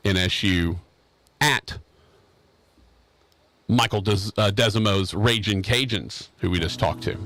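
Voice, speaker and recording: A man's voice: lowish voice, slow pace, long pauses, fairly bright tone, no echo. A man hosting a casual sports radio show, rambling and joking with restarts. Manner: rambling, joking, repeats himself. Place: radio studio.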